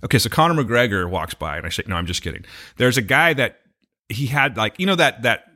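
A man's voice: mid-range voice, fairly quick. A man co-hosting a podcast, telling a long story in casual chat, acting out the people he quotes, swearing and laughing. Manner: animated, acts out quoted voices, swears, laughs. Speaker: podcast co-host.

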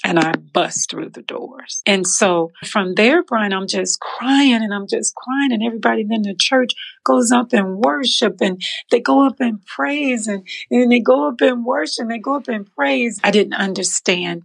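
A woman telling her personal testimony in an interview, animated, acting out the voices in her story and laughing often. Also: on the high side, normal speed, vocal fry, few pauses. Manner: animated, acts out quoted voices. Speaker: interview guest.

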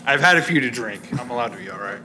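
A man playing a tabletop game, tossing off quick joking asides. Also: mid-range voice, expressive, music in the background. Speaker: player. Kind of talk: casual tabletop banter.

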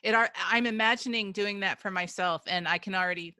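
A woman's voice: medium pitch, brisk, pushed and bright, no room sound, clean studio sound. A woman hosting a podcast interview, effusive and emotionally responsive to her guest. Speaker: podcast host.

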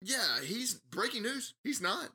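Lively bright-voiced man joking crudely. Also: extremely high pitch, a little slow. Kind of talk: casual movie review chat.

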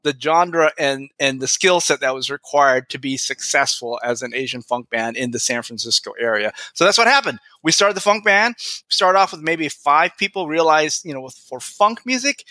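A man's voice: on the high side, lively intonation, normal speed, pushed and bright, no echo. A middle-aged man chatting as a guest in an interview, rambling with many fillers and chuckling. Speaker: guest author. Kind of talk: casual interview chat.

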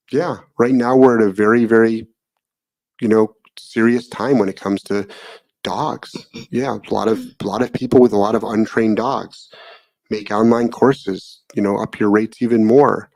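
A man hosting a live dog-training Q&A, answering in a calm, monotone, blunt way and swearing freely. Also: fairly low pitch, measured pace, no room sound. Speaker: dog trainer and show host. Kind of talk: casual live Q&A.

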